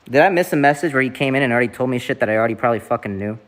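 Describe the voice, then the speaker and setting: A man's voice: mid-range voice, expressive, racing, soft background music. A young man from the Southeast US, streaming and chatting casually in a rambling way, with lots of fillers and swearing.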